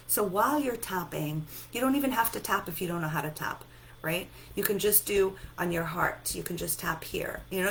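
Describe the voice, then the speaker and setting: A sleepy woman giving a gentle self-help talk, softly repeating reassuring affirmations. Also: on the low side, slight background noise, poor audio. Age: adult, a mother. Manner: soft, repetitive, reassuring affirmations. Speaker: self-help and EFT speaker.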